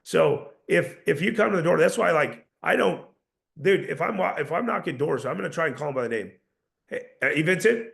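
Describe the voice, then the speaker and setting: Gravelly confident sales coach. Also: male voice, fairly high pitch, lively intonation, a little fast, a bit bright. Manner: confident, emphatic, repeats words when starting. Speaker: sales trainer.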